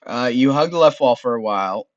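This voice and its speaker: A man's voice: medium pitch, expressive, fairly quick, no room sound, highs cut off. A man casually playing through a browser game, reading its text aloud and muttering to himself. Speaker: game streamer. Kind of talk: let's play with read-aloud game text.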